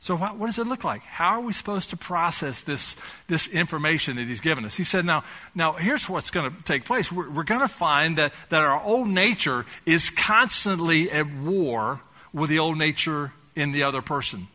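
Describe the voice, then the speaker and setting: An older man delivers a sermon from the pulpit, his voice bright and ringing. He works through rhetorical questions, swinging from loud, pressing lines down to hushed ones. His voice sits a little high for a man. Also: expressive, normal speed. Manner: preaching with rhetorical questions and wide swings in loudness. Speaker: pastor.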